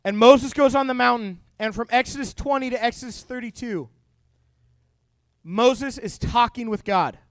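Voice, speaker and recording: Young guy youth pastor, pretty high voice, super lively, dry close sound, jumps into little voices. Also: moderate pace, no echo. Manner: animated, acts out quoted voices, jokey. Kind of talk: youth sermon. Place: church youth room.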